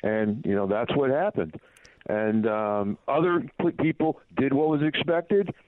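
A man's voice: mid-range voice, a little slow, no echo. A middle-aged man, a guest on a radio show, telling stories in a rambling way with many fillers and restarts. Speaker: guest, former baseball PR director. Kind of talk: casual radio interview storytelling. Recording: tinny phone line, dry.

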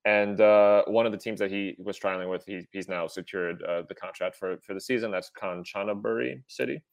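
A man co-hosting a soccer podcast, talking in a halting, relaxed way with many fillers. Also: on the low side, creaky, no echo. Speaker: podcast co-host. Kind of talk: casual podcast chat.

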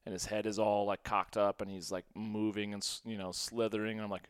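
A man telling a story from his own past in a casual way, quoting himself and laughing often, his voice swinging between hushed and loud. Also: on the low side, fairly even intonation, fairly quick, few pauses, clean tone, dry recording, studio quality. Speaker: podcast host.

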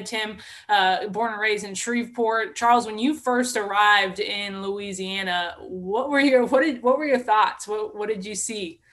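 A woman's voice: mid-range voice, a bit bright. Friendly woman host from Texas. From Texas, USA. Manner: friendly, laughs easily. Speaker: interview host. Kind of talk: interview conversation.

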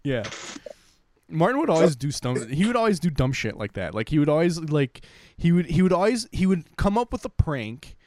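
A man's voice: on the high side, sing-song, moderate pace, darkish tone, no room sound, clean studio sound. A young man telling rambling, profane stories on a casual podcast, full of fillers. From Detroit area, Michigan. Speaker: podcast co-host.

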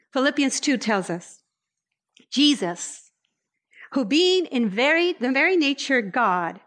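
A woman preaching a sermon, expressive, slowing down for scripture readings. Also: sits high. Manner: expressive, varies pace, slows for scripture readings.

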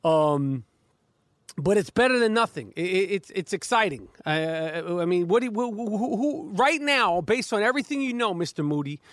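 A man's voice: high voice, expressive, moderate pace, a bit bright, no echo. A man hosting a comedic sports podcast, stammering and repeating words as he talks. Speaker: podcast host.

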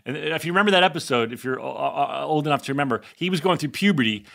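A man co-hosting a podcast in casual chat, joking and rambling, swearing and shifting into a calmer podcast voice. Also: fairly high pitch, fast talker, vocal fry. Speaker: podcast co-host.

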